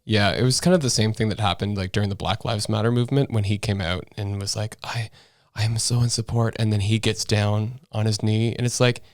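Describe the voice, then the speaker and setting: A man's voice: lowish voice, steady tone, brisk, few pauses, no echo, clean studio sound. A man from New Brunswick co-hosting a casual political podcast, chatty and rambling, often laughing. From New Brunswick, Canada. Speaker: podcast co-host.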